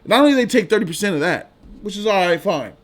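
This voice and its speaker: A man's voice: high-pitched, animated, fast talker. A man hosting a live stream, chatting casually with viewers in loose slang and laughing often. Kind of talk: casual live-stream chat reading donations.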